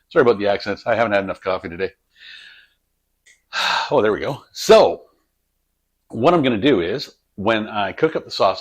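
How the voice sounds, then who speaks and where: A man's voice: on the low side, animated, a little fast, long pauses, breathy edge. A man hosting a home cooking vlog, chatting in a rambling, jokey way while he works in his kitchen. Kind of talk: casual cooking vlog chat. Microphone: camera on a tripod.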